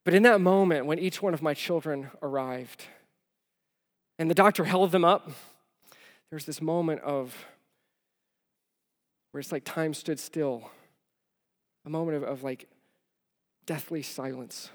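Animated pastor preaching in a hall. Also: male voice, on the high side, a little slow, pauses often. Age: young adult to middle-aged, father of four. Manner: animated storytelling, swinging from loud to hushed. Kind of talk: sermon. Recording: long reverb of a large hall.

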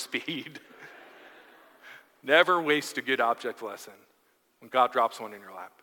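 Energetic male preacher in a hall. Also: a little high. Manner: energetic, humorous preaching with sudden bursts. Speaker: pastor. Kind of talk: sermon. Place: church sanctuary.

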